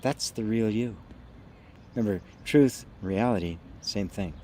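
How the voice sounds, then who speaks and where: A man hosting a live spiritual satsang, speaking slowly and softly, trailing into quiet tones and reading out viewer comments. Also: fairly low pitch, slight background noise. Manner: slow, soft and reflective, often trailing off quietly with gentle laughs. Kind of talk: live-stream talk answering chat comments.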